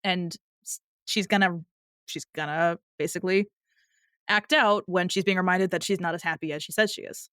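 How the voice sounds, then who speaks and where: A woman co-hosting a podcast in casual chat, talking over film lines and now and then quoting them in a higher voice. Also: fairly even intonation, moderate pace, fairly bright tone, no room sound, studio quality. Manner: chatty, quotes film lines in bursts of higher pitch. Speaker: podcast co-host.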